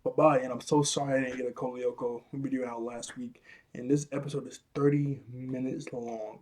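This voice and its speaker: A man's voice: mid-range voice, flat delivery, moderate pace, darkish tone. A man casually recapping a cartoon episode, chatty and rambling, laughing often and using slang.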